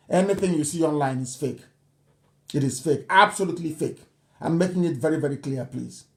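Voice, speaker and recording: Male radio host, high-pitched, insistent and pleading, live address. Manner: forceful, repetitive, pleading. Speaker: radio broadcaster taking calls.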